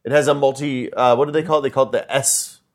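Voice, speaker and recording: A man's voice: mid-range voice, fairly even intonation, fast talker. Joking man hosting a tech podcast. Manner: joking, teasing, hesitant with fillers. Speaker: podcast host. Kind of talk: casual tech chat.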